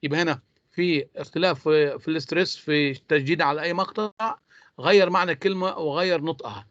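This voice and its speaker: A man's voice: on the high side, lively intonation, fast, fairly bright tone, no echo. A man teaching English in an online class. He speaks, his tongue is Arabic, and he explains patiently, step by step. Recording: dull lo-fi online call audio.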